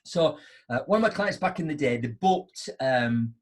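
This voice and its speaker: A middle-aged man hosts a live online show, telling anecdotes in a chatty, animated way and acting out both sides of them. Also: medium pitch, moderate pace. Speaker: host.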